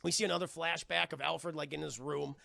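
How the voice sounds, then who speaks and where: A man reviewing a film live, talking casually and sarcastically to his chat and swearing freely. His voice is high and bright, with a gravelly fry running through it. The sound is dry and close. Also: brisk, no room sound. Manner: animated, profane and sarcastic.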